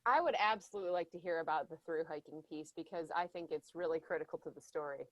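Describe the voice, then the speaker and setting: A woman's voice: low voice, fast, no room sound. A woman co-hosting a podcast, reacting playfully with short exclamations in casual chat. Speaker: podcast co-host.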